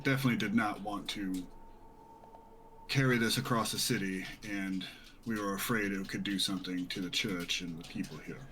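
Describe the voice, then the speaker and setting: A man's voice: lowish voice, fairly bright tone, a little hiss or hum, poor audio. A man playing a tabletop game, speaking in polite, stammering bursts. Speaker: player. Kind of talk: tabletop role-play.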